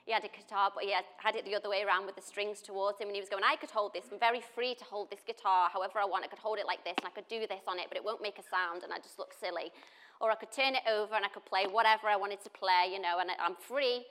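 Woman, casual sermon, chatty storytelling, bright voice. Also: mid-range voice, fairly even intonation, fast. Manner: chatty storytelling, laughs often. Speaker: pastor.

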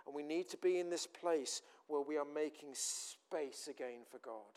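A man's voice: fairly high pitch, moderate pace, a little mellow, clean tone. A man preaching a sermon, earnest and repeating phrases for emphasis.

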